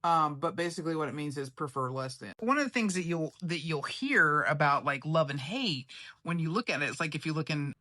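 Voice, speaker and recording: A woman's voice: low-pitched, lively intonation, a little fast, bright, forceful tone, dry recording, clean studio sound. Chatty woman preacher teaching Bible. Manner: chatty and playful, with slang asides. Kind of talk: casual Bible lesson to camera.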